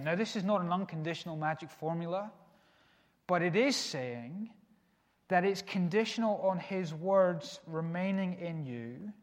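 A man preaching a sermon in an earnest way, dropping to hushed lines and rising for emphasis. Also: sits high, lively intonation, normal speed. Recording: long reverb of a hall.

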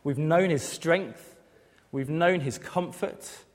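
A man's voice: a little high, takes it slowly. A man in his thirties preaching a sermon, earnest, asking rhetorical questions and acting out quoted voices. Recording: long hall reverb.

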